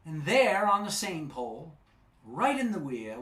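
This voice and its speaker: A man reciting a storytelling poem on a festival stage with a rhythmic, animated delivery. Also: high-pitched, a little slow. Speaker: poetry reciter. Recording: echoey live stage.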